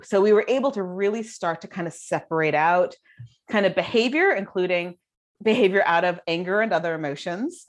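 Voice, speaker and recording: A woman guest author telling stories about parenting in an animated, casual way. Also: fairly low pitch, a little fast. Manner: animated, lots of fillers. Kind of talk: casual storytelling chat.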